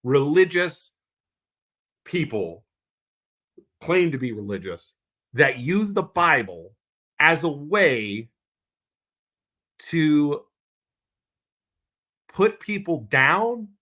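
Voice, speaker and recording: A man's voice: a little high, extremely slow, long pauses. A married man co-hosting a podcast, ranting heatedly and bluntly, repeating himself when worked up. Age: adult with a wife. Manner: calms down when making announcements. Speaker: podcast co-host. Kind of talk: passionate podcast rant.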